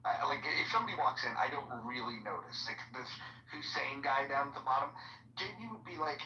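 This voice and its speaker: A man hosts a casual chat, rambling and hesitating with constant fillers. His voice is bright. He sounds distant and echoey, and the audio is dull. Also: a little high, a little fast, slight background noise. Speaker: host. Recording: far-off roomy lo-fi audio.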